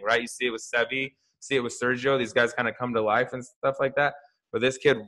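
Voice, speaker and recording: A man co-hosting a sports podcast, telling stories in a loose, animated way with plenty of restarts and fillers. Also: medium pitch, poor audio. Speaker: podcast co-host, golf fantasy analyst. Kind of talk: casual podcast chat.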